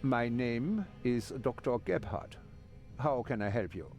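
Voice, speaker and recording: A man's voice: medium pitch, sing-song, measured pace, a little mellow, faint music behind. An actor playing a stressed, curt male ship's doctor in a video game, flustered and brushing people off. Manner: curt and flustered, calls her young lady.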